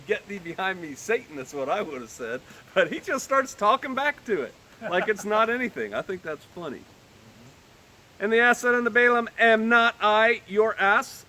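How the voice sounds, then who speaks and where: High, bright-voiced male Bible teacher. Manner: reads old-fashioned scripture, then breaks in with joking everyday asides. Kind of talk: scripture reading with casual commentary.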